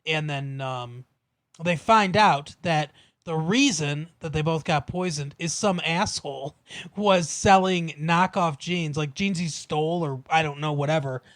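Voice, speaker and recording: Rambling man with a fairly high voice. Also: unhurried, no echo, studio quality. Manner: rambling, laughs often, many fillers. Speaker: podcast co-host. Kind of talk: casual chat recapping a TV episode.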